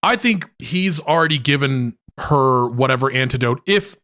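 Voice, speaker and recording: A man's voice: mid-range voice, animated, moderate pace, bright, forceful tone. A man co-hosting a podcast in casual chat, blunt and teasing, swearing casually. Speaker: podcast co-host.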